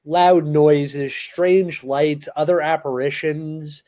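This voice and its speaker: A man's voice: fairly high pitch, level tone, takes it slowly, dark tone. A man co-hosting a casual podcast, explaining things steadily with lots of "you know" fillers. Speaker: co-host.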